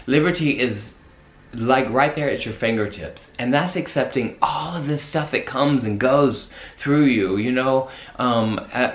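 A man giving a reflective spiritual talk, rambling and searching for words with many restarts. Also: on the low side. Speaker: host. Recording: echoey room.

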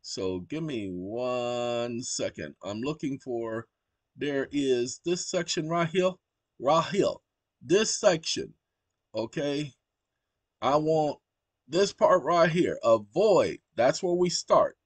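A man's voice: mid-range voice, lively intonation, slow, no echo. A man hosting his own channel, talking casually as he walks through a screen share and dictates commands aloud to a voice assistant at his computer. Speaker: channel host.

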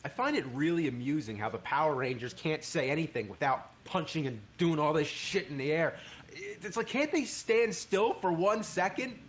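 Animated man reviewing a show, casual swearing. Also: on the high side, normal speed, slight background noise.

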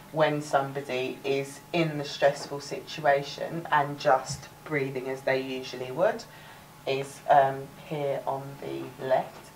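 A woman's voice: very deep voice, a little mellow, recorded from a distance, slight background noise, low-quality recording. A woman with a Cockney accent teaching a live workshop, chatty, restarting words and laughing often. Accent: London Cockney. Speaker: workshop presenter.

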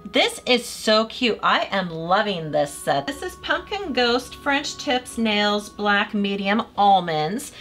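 A woman's voice: medium pitch, sing-song, slow pace, few pauses, fairly bright tone, soft background music. A woman gushing enthusiastically as she reviews press-on nails in a casual vlog. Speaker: nail product reviewer.

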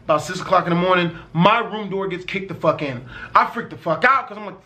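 A man's voice: high-pitched, brisk, bright, forceful tone. A young man telling a personal story in casual, profane vlog style, swearing constantly and stressing words hard.

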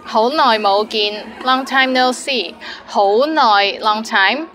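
A young woman, teaching vocabulary in a chatty video lesson and repeating each word slowly for learners. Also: a little high, fairly bright tone, a little hiss or hum, rough recording. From Hong Kong. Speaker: language teacher.

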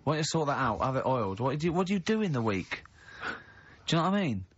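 A man's voice: mid-range voice, big pitch swings, fast talker, slight background noise. A man hosting a radio show, teasing his co-hosts and telling rambling stories in casual banter. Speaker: radio host. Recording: dull lo-fi radio recording.

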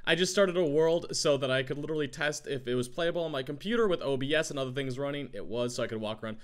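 A man with a groggy morning voice, chatting in a rambling, excitable way as he gives let's play commentary. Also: medium pitch, quick pace. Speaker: gaming YouTuber.

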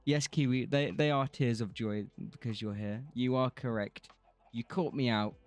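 A man's voice: mid-range voice, fairly even intonation, normal speed. A man streaming a building game, rambling casually, swearing freely and laughing often. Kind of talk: casual livestream commentary while gaming.

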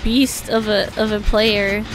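A young woman streaming a horror game, excitable and foul-mouthed, shouting and laughing between muttered remarks. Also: mid-range voice, takes it slowly, heavy background noise. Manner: excitable, swears a lot, shouts and laughs in bursts. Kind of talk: live gameplay commentary. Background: game music.

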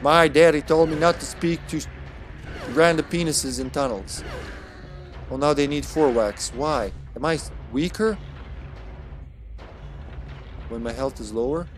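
A man's voice: fairly high pitch, moderate pace, soft background music. Joking man streaming a game. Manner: joking, crude, talks back to the game. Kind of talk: live gameplay commentary.

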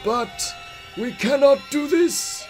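A man voicing a solemn old male headmaster wizard in a high, slow, quavering mock-grave voice. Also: expressive, a little mellow, soft background music, full character voice.

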